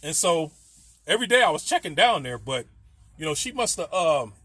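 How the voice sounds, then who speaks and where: High-voiced, profane, laughing storyteller man. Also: very animated, normal speed, a bit bright, dry recording. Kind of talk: casual storytelling.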